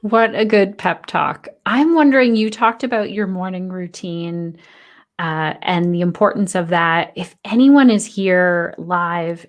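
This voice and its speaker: A woman host asking questions in a thoughtful, conversational live interview. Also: on the low side.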